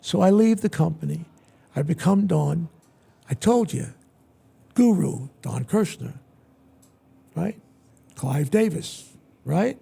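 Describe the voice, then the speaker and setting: An older man telling stories as an interview guest, lively and quick to act out other people's lines, with a raspy voice. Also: a little high. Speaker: guest entertainer. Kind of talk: animated storytelling interview. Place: event venue interview set.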